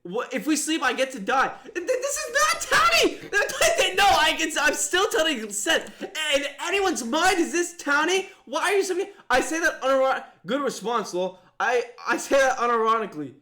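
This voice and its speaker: A young man commentates live on a mafia game he is playing, his voice very high and bright. He swings between disbelieving shouts and quick muttered reasoning, thinking out loud the whole way. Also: slight background noise. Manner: excitable, exclaiming in disbelief, thinking aloud.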